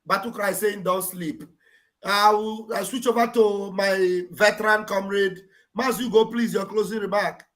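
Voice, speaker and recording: Sex: man. Pitch: high. Role: courteous call-in host. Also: fairly even intonation, measured pace, fairly bright tone. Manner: courteous, repeats phrases, asks callers in turn. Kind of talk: hosting an online call-in program.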